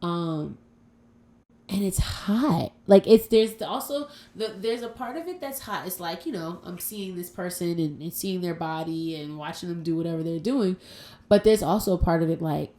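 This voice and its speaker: Woman rambling on her podcast at home, blunt and swears a lot, lowish voice. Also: moderate pace, mellow. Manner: frank, profane and playful. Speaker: podcast host. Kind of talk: casual solo podcast chat.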